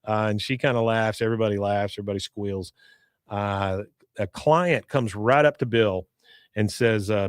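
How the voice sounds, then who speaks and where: A man's voice: fairly low pitch, fairly even intonation, normal speed, clean tone, dry recording, clean studio sound. A man hosting a podcast, casually retelling a cartoon episode scene by scene, acting out quotes and chuckling often. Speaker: podcast host.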